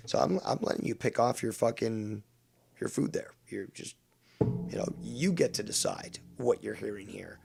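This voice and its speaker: A male streamer with a low, heavily gravelly voice, full of fry. He talks bluntly and sarcastically and swears freely while defending himself. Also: expressive, normal speed, a little mellow, soft background music. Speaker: streamer and host. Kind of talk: live stream commentary.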